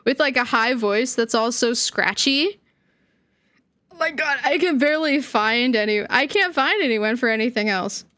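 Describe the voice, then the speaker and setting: A woman's voice: a little high, animated, moderate pace, a bit bright, no echo, studio quality. A young woman streamer chatting casually, giggling often and trailing off mid-sentence. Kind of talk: casual livestream chat.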